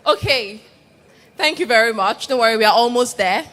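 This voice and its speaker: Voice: mid-range voice, normal speed. An event host playfully working the audience and prompting them to respond. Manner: playful, energetic, prompts the crowd. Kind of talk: audience engagement.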